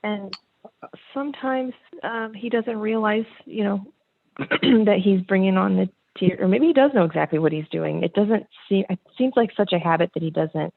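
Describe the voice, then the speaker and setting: A woman's voice: mid-range voice, normal speed, creaky, dry recording. A woman calling in as a mother, talking hesitantly with fillers and laughing often. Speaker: caller, mother. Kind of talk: call-in conversation. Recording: tinny phone-like line.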